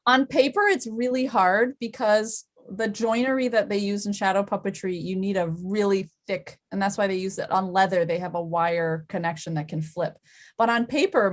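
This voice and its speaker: A woman leading an online puppetry workshop over a video call, bubbly and encouraging, chatting easily with her students. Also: medium pitch. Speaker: workshop instructor.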